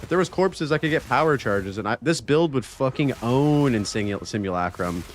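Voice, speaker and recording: A man's voice: medium pitch, moderate pace. Game streamer guy yapping to chat, swears a lot, voice jumps all over, faint background hum. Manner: excitable, swears freely, talks to chat. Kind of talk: casual live-stream chat while gaming.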